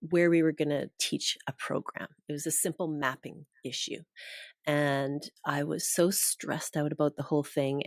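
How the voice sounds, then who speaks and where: A woman's voice: low-pitched, creaky, no echo, studio quality. A woman guest on a podcast, telling a personal story in an earnest, emotional way.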